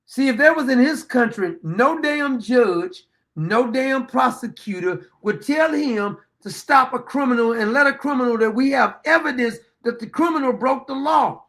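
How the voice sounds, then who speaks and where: A man's voice: extremely high pitch, animated, normal speed, a bit bright. A man hosting his own political commentary show, ranting bluntly and. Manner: blunt, profane, fired-up ranting.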